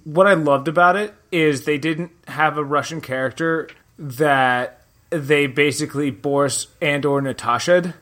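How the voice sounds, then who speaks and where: A man's voice: fairly high pitch, a little slow, fairly bright tone. A man co-hosting a casual anime review podcast, jokey and self-deprecating, laughing a lot. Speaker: podcast co-host.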